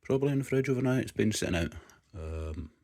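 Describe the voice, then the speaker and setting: A man's voice: fairly low pitch, expressive, quick pace, vocal fry, a little mellow. Laid-back Scottish man, cooking vlog. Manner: laid-back, swears freely, many fillers. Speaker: home cook and channel host. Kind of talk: casual cooking vlog narration.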